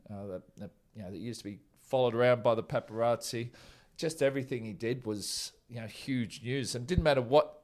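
A man, a former cricketer who tells rambling, chuckling stories about an old teammate in a casual interview. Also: mid-range voice.

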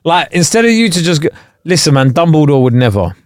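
Man, young, higher voice, jokey, slangy, podcast co-host. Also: very animated, fast talker, no echo, studio quality. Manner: jokey, with London-style slang like bruv. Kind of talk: casual podcast banter.

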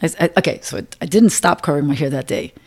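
A middle-aged woman telling a personal story in a halting, emotional way, often repeating herself. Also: low voice, a little mellow. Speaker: interviewee. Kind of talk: personal testimony.

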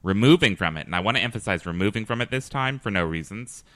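A man hosting a comedy podcast, talking in a deadpan, wry way with many hesitations. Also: fairly low pitch, quick pace, no echo. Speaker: podcast host. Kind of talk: casual comedy podcast chat.

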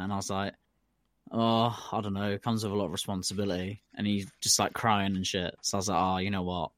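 A man's voice: fairly low pitch, flat delivery, brisk, no echo. A man co-hosting a comedy podcast, telling a story in a laid-back, slangy way. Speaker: podcast co-host. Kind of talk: casual chat.

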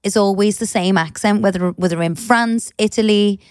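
A woman's voice: mid-range voice, moderate pace, darkish tone, no room sound, studio quality. A woman co-hosting a casual podcast chat, chatty and teasing, laughing often. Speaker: podcast co-host.

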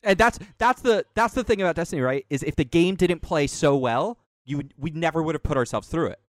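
A man's voice: fairly high pitch, brisk, no room sound, studio quality. A man in his thirties chatting casually about a video game, rambling with many fillers. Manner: rambling, lots of fillers and laughs. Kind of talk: casual chat.

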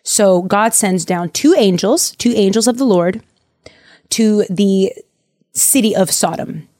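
A woman's voice: medium pitch, slow, no echo, studio quality. Chatty woman retelling a story. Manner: chatty, jokey, animated. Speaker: podcast host. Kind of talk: casual storytelling chat.

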